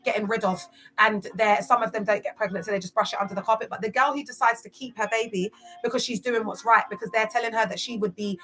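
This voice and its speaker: A woman's voice: a little high, steady tone, fast talker, a bit bright. A young woman from West London with a London accent, giving casual vlog commentary in emphatic street slang full of rhetorical questions. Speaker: commentator on church cults.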